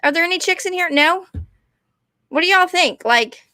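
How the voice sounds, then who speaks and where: A woman, rambling and animated as she chats casually to her stream viewers. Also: very high voice, moderate pace, no echo, studio quality. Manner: rambling, animated, talks to chat. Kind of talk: casual ranting chat to viewers.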